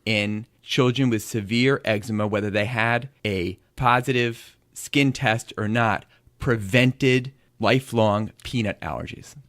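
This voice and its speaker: A man's voice: fairly low pitch, unhurried, a bit bright, no room sound. A middle-aged American man, a pediatrician co-hosting a podcast, who walks through study figures at length with dry jokes in casual chat. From United States. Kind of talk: casual chat about medical research.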